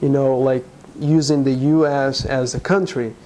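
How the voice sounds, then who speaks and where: A man from Brazil, a guest in an interview, speaking earnestly and haltingly, with frequent restarts. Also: mid-range voice, steady tone, dark tone, a little hiss or hum, poor audio. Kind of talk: conversational interview.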